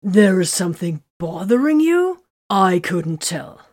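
A woman's voice: sits low, fairly even intonation, unhurried, a little mellow, no room sound, studio quality. A woman reading the part of a sarcastic male space warrior with an ironic edge.

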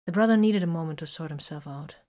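A woman reading a story aloud in a calm, even storytelling manner. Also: deep voice, fast talker. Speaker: reader.

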